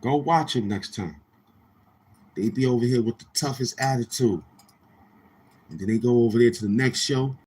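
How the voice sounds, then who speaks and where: A man's voice: mid-range voice, moderate pace, long pauses, a little mellow, husky. A man hosting a livestream, ranting loosely with restarts and mocking quoted voices. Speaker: livestream host. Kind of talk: casual livestream rant.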